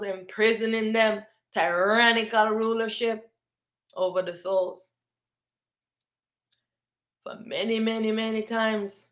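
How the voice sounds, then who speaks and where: A woman giving a spiritual sermon at an unhurried, deliberate pace. Her voice sits at an ordinary middle pitch for a woman. She talks in an emphatic, preaching manner, pressing every point home. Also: fairly bright tone. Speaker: spiritual teacher.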